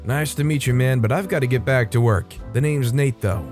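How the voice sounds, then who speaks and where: A relaxed, friendly young guy working a sandwich station, as a storyteller voices him. He talks in a plain, casual way, with soft music faintly behind. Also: mid-range voice, fairly quick, lightly acted. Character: easygoing young male kitchen coworker.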